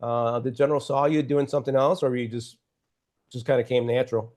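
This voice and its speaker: A man's voice: mid-range voice, fairly even intonation, fast, a little mellow. A man hosting a podcast, asking his guest questions and encouraging him with short interjections. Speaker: podcast host.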